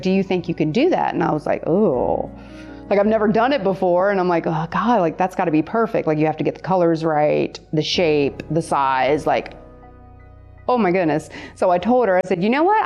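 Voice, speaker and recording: A woman tattoo artist telling stories in casual chat, laughing often and jumping high in pitch when she quotes people. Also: a little mellow. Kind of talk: casual storytelling.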